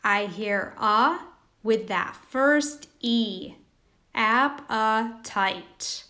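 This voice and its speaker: Slow, bright-voiced woman teaching phonics. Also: a little high, animated. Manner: slow, careful, sounding out each word. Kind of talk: recorded phonics lesson for children.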